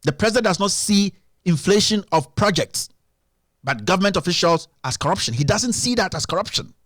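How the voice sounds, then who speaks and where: A man's voice: sits high, animated, a little fast, a bit bright, no room sound, clean studio sound. A man hosting a live-stream show, giving emphatic, repetitive political commentary.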